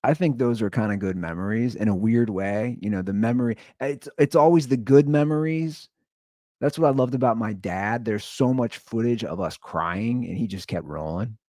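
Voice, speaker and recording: A man in his thirties hosting a podcast, telling stories in a blunt, profane, animated casual rant. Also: lowish voice, normal speed, dry recording, clean studio sound. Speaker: podcast host.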